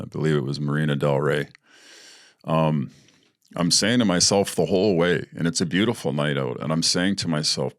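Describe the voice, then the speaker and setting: A man's voice: rumbling low, no echo, clean studio sound. A man hosting a podcast, telling personal stories in a casual, blunt, profane way and laughing as he goes. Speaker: podcast host. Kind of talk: casual storytelling.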